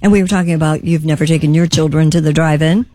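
A woman's voice: deep voice, fairly even intonation, fast, warm tone, no room sound, clean studio sound. Chatty female radio co-host. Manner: chatty, reads items aloud. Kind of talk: morning radio banter.

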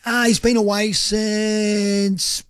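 A man's voice: sits high, little pitch movement, drawn-out words, a bit bright, clear, resonant tone, no room sound. A New Zealand man co-hosting radio sports talk in a casual, jokey, self-deprecating way. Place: radio studio. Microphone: studio microphone. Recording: dry close studio sound.

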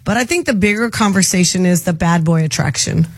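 A woman hosting a radio show, talking in an animated way with frequent stammered restarts. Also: fairly low pitch, brisk, slightly rough, no room sound. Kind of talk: radio prank call and talk segment. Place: radio studio.

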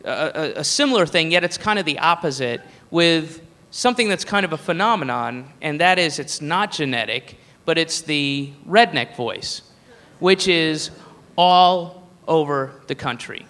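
A stand-up comedian from the South, talking high and bright in a rambling, profane flow. his rings out through a big reverberant hall, with a faint murmur of ambience underneath. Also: lively intonation, unhurried. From American South. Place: live venue stage.

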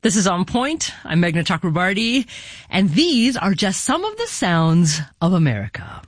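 A woman hosting a national radio talk show, reading a measured, articulate script. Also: fairly low pitch, big pitch swings, a little hiss or hum. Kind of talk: scripted broadcast narration.

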